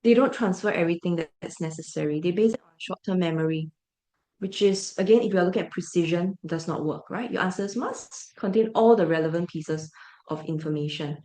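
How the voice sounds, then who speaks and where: A woman's voice: fairly low pitch, brisk, warm tone, roomy sound. A woman giving a parent briefing as a teacher, emphatic and full of rhetorical check-ins.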